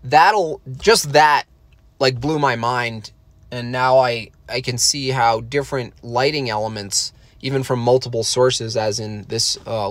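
A man streaming as he draws, talking in a rambling way with deadpan jokes and trailing fillers. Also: mid-range voice, no echo. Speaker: artist streaming while drawing. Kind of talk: casual rambling stream chat.

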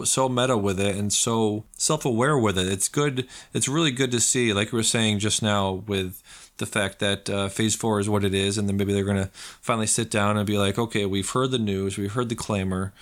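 A man co-hosting a podcast, chatting casually and rambling as he retells scenes with quick acted-out quotes. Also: on the low side, fairly bright tone. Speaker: podcast co-host. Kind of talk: casual chat.

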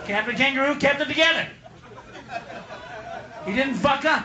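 A man doing a live stand-up routine, ranting and swearing, slipping into gruff low voices for his characters. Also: moderate pace, bright, forceful tone, highs cut off. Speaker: stand-up comedian. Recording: echoey live club with crowd noise. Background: audience laughter.

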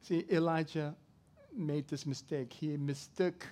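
A middle-aged man preaching a sermon, swinging from loud to soft as he tells a story. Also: fairly high pitch, fairly even intonation, a little slow. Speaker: pastor.

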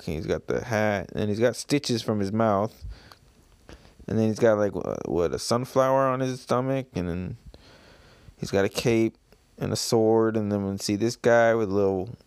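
A man's voice: fairly low pitch, normal speed, darkish tone, clear, resonant tone, no echo. A man casually reading through a comic and describing its pages, with loose, filler-laden talk. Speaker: comic reader, video host.

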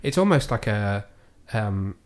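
A man's voice: fairly low pitch, sing-song, measured pace. A man hosting a casual film review podcast from home, thoughtful and a little hesitant as he weighs his opinions. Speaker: podcast host. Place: at home, cat on the desk.

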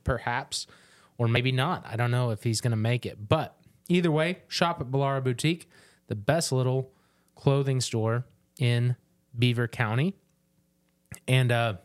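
Rambling, joking male podcast host. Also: mid-range voice. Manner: rambling, joking, with filler restarts. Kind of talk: casual chat.

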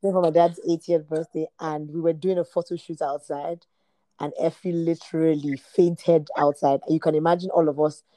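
Low, mellow-voiced woman host. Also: level tone, normal speed, no echo. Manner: chimes in with short affirmations. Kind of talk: casual chat.

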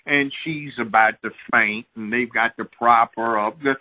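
A man's voice: medium pitch, measured pace. A man guest on an interview show, telling stories and giving advice in an emphatic, lecturing way. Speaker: guest, judge. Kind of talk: interview talk, storytelling and advice. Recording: phone-like narrow sound.

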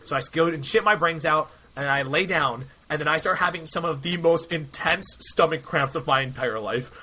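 A man's voice: fairly high pitch, normal speed, breathy edge. A young man co-hosting a podcast, telling a long rambling story in casual chat and acting out what everyone said. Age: young adult. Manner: rambling, animated, quotes himself often. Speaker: podcast co-host.

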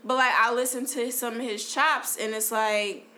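A podcast host with a fairly high-pitched voice chats casually and loosely at a moderate pace, with slight background noise. She's relaxed and slangy, filling her speech with "like" and "you know."

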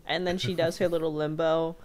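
Low-voiced woman recapping a movie. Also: brisk. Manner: storytelling recap, animated quoting, laughs often. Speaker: podcast co-host reviewing a movie. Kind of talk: casual chat.

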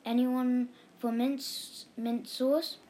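Calm, peacekeeping mum hyena in a storybook, read by a woman. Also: sits high, voice pushed up. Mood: soothing. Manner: soothing, measured storybook reading. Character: gentle peacekeeping mother hyena.

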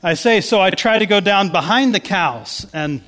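A man's voice: high voice, animated, normal speed, a bit bright. Man preaching in a reverberant hall. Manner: storytelling, conversational with many restarts. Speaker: pastor. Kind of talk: sermon.

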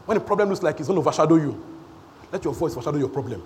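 A man preaching a sermon in church. He repeats phrases for emphasis and swings between shouting and hushed asides. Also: fairly high pitch, animated, racing. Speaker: pastor.

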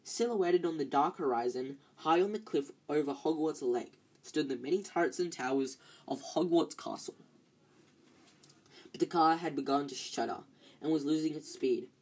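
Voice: medium pitch, normal speed, a little mellow. Tired amateur reader stumbling through a novel. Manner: stumbles and restarts often, tired. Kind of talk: amateur reading of a novel aloud.

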